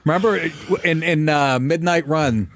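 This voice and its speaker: A man's voice: fairly high pitch, unhurried, slight background noise. A man hosting a podcast, chatting casually, laughing often and swearing freely. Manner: animated storyteller, profane, laughs often. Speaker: podcast host. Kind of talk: casual chat.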